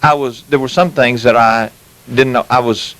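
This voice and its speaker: In a rough recording made at a mobile home sales lot, a Mississippi man in his fifties with a Southern US accent chuckles through folksy tales as an interview guest. He sounds slightly tired, speaking at a moderate pace in a mid-range, somewhat bright voice with fairly even intonation.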